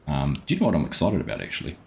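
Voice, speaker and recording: A man with a deep, low voice talks his way through a live game stream. He chats easily and greets viewers one by one. His talk wanders between the game and side topics. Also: wildly swooping pitch, very fast, creaky. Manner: chatty, greets viewers by name, easily sidetracked. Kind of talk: casual live-stream commentary.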